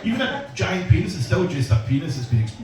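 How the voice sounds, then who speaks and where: Crude Scottish stand-up comic, echoey room. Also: male voice, high voice, big pitch swings, quick pace, music in the background. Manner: crude, self-deprecating, banters with the crowd. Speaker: stand-up comedian. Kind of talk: stand-up set. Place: comedy club. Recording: echoey club from far off, loud noise.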